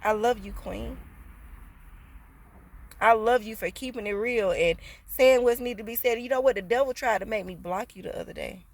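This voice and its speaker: A woman's voice: fairly high pitch, normal speed. A woman telling a casual storytime on her vlog, blunt, slangy and passionate, swearing freely. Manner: slangy, streetwise talk. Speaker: vlogger.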